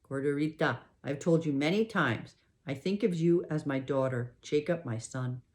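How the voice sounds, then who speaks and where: A warm-hearted, fatherly cafe owner in middle age, read by a woman. He talks gently and earnestly, in a fairly low voice for her. The audiobook reading stays calm and steady. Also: moderate pace, close to an everyday voice. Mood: reassuring. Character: kindly middle-aged Mexican cafe owner man.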